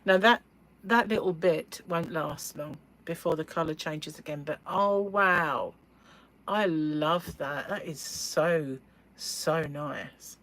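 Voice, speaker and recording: Middle-aged English woman, live-stream host, rambling chatty delivery with frequent laughs, lower voice. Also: slow pace, fairly bright tone, poor audio. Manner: gushing over yarn colours. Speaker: yarn shop owner and livestream host. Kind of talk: casual chat while crocheting.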